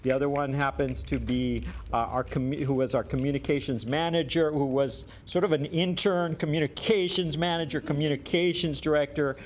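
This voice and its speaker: A man hosting a community event and giving a speech, halting and often correcting himself. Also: a little high, fairly even intonation, slight background noise. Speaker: event host.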